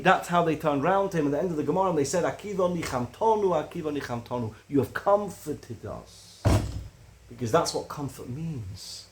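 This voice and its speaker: A man giving a recorded religious lecture, earnest and building to animated emphasis on key points. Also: on the high side. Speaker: Torah teacher.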